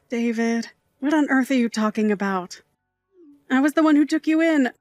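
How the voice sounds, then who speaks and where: A woman voicing a fond middle-aged aunt who works nights, sentimental and sassy in a scripted drama. Her voice sits high, and the sound is close and dry with no room around it. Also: moderate pace, no room sound, soft background music, lightly acted. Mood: tender.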